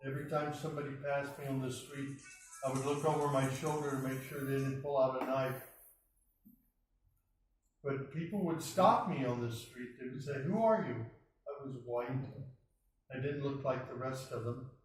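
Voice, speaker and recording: A man's voice: mid-range voice, level tone, normal speed. A man from the United States earnestly telling his personal testimony, acting out the voices of people he met. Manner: earnest storytelling, acts out quoted dialogue. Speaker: speaker telling his conversion story. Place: mosque hall. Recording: very echoey hall, mic at a distance.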